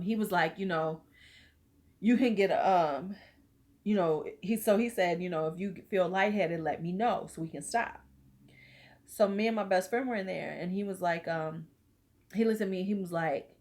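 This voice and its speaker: A middle-aged woman hosting a casual live chat, talking loosely and bawdily and laughing along with her viewers. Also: on the low side. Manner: chatty, loose and bawdy, laughing with commenters. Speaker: host of a live beauty chat.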